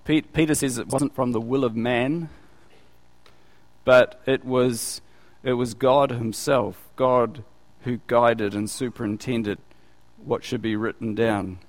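A man's voice: medium pitch, steady tone, slow. A man giving conversational Bible teaching as a preacher, often asking his listeners questions. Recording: reverberant hall.

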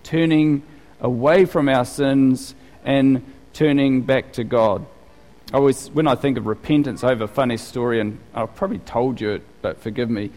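A man's voice: medium pitch, steady tone, normal speed, darkish tone. Man preaching in a reverberant hall. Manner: conversational storytelling with frequent restarts. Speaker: pastor. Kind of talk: sermon.

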